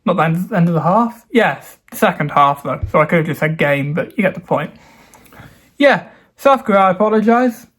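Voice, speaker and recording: A man's voice: sits high, animated, moderate pace, fairly bright tone. A man giving a casual, rambling football review, self-mocking and mock-solemn by turns. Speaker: football vlogger.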